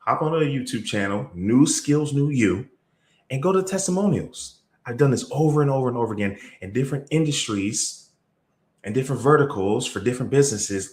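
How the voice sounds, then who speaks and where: A man coaching on sales, telling stories in a motivational talk, energetic, with sudden jumps in pitch and loudness. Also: a little fast. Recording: roomy echo.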